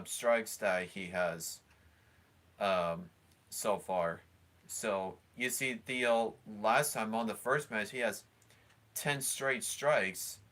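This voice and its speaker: A man hosting a live stream, talking over a sports broadcast in a halting way, full of fillers and restarts. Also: mid-range voice, sharp tone. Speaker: stream host commentating along with a broadcast. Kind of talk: casual live commentary.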